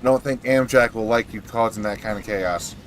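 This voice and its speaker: A man's voice: on the low side, fairly quick, slight background noise. A man streaming a video game with goofy, laughing commentary and casual swearing. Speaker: gaming streamer.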